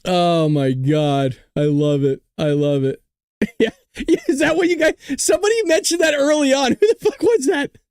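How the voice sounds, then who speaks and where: A woman's voice: fairly high pitch, moderate pace, darkish tone, dry recording, studio quality. A woman co-hosting a podcast in casual chat, giggly and profane, laughing as she talks.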